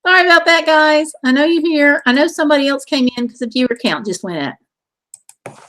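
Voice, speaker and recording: A woman hosts a casual live stream, chatting bubbly and reading out viewer comments amid exclamations and laughter. Her voice is high-pitched and a bit bright, at a moderate pace.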